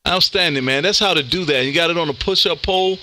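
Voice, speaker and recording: A man's voice: a little high, quick pace, heavy background noise. A man hosting a ham radio live stream, chatting in an upbeat, casual way and calling everyone "man". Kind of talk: casual on-air radio chat.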